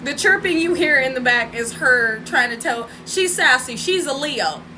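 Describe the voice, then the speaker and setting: A chatty woman tells a story on a home live stream, laughing and turning to her viewers as she goes. Her voice sits high and sounds bright and sharp. A faint hum of the room sits underneath. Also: expressive, moderate pace, rough recording. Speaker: spiritual vlogger.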